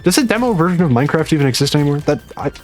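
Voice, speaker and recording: Young guy mumbling quiet game commentary late at night, retainer in, kinda muffled, faint music behind. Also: a little high, expressive, very fast. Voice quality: slightly muffled speech from a dental retainer. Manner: quiet, rambling, self-mocking. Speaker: gaming YouTuber. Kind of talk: live gameplay commentary.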